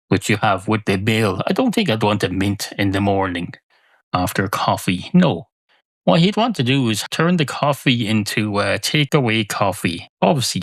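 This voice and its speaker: A man with an Irish accent hosting a solo comic podcast, wandering through absurd tangents in a deadpan way. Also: on the low side, no echo. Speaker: podcast host.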